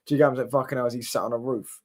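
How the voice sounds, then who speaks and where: A man's voice: medium pitch, steady tone, very fast. A brash, sweary young man giving rambling reaction commentary on football. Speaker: football watchalong streamer.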